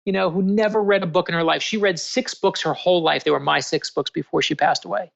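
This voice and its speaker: A man in a casual interview, an author telling stories in an animated, earnest way. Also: sits high, fast, gravelly. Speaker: author and guest. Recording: dull lo-fi remote audio.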